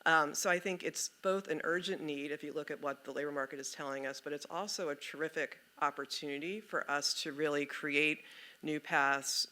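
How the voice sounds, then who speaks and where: A man speaking as a policy panelist, measured and articulate with occasional fillers. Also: fairly high pitch, sharp tone. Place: conference meeting room.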